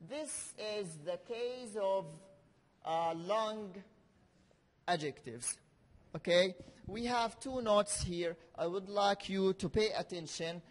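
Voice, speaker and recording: A male teacher giving a classroom grammar lesson, speaking slowly and repeating key words for his learners. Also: sits high. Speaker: English teacher. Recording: reverberant classroom hall.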